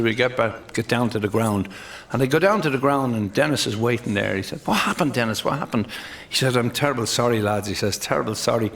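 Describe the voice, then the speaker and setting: Irish stand-up comic, gravelly mid-range voice, chuckles through his own gags. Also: medium pitch, a bit bright. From Ireland. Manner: laughs at his own jokes; tells jokes with quick put-on voices for the characters. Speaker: stand-up comedian. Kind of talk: stand-up joke telling.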